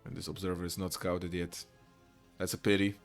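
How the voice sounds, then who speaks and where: A man with a fairly low voice gives live play-by-play commentary on a strategy game. He talks in a chatty way and jumps into excited outbursts when the action heats up. Faint music plays underneath him. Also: fairly quick, vocal fry. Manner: chatty, breaks into excited shouts and laughs. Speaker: esports caster.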